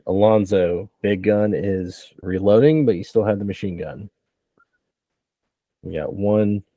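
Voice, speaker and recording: A man running a tabletop game as game master, narrating with relaxed banter and frequent laughs. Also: low-pitched, no room sound.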